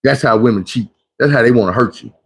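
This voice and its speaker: Blunt, husky-voiced man preaching. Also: medium pitch, quick pace. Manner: blunt, preachy street talk, acts out quotes. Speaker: livestream host. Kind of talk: casual livestream monologue.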